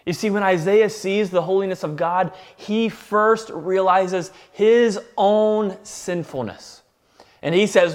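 High-voiced pastor preaching. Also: male voice, takes it slowly. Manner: earnest, explains with everyday examples and teasing asides. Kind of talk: sermon.

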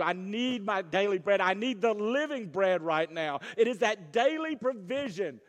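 Preacher guy, kinda high voice, goes loud and then real soft, lots of questions to the crowd, long echoey church hall. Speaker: pastor. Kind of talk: sermon.

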